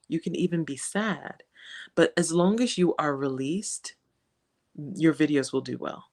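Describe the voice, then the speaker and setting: A woman from West Africa talking as a guest in a casual interview, animated and laughing often. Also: on the low side. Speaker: guest, social media creator.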